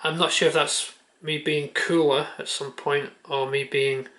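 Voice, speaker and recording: A man's voice: fairly high pitch, flat delivery, measured pace, pushed and bright. A man vlogging at home, chatting offhand with a handheld camera, muttering and swearing casually. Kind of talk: casual chat.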